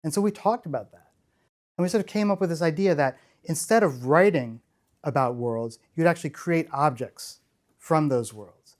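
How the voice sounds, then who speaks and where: A man's voice: a little high, moderate pace. A middle-aged man giving a storytelling keynote talk, enthusiastic and rambling, often restarting his sentences. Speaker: conference speaker.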